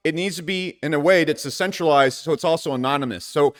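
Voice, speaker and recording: Fast-talking brash man, reverberant room. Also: on the high side. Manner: brash and profane, with sudden loud bursts. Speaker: crypto channel host. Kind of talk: casual commentary to camera.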